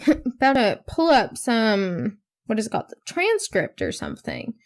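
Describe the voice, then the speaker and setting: A woman's voice: fairly high pitch, wildly swooping pitch, moderate pace. A teenage girl hosting her own podcast, talking in a rambling, self-mocking way and swearing casually. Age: teens. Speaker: podcast host. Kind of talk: casual solo podcast chat.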